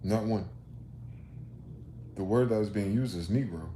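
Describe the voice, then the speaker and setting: Here the host's voice is fairly low and dark, moving a little slowly as he rants alone, throwing out profane, combative rhetorical questions. The recording carries roomy echo and faint background noise.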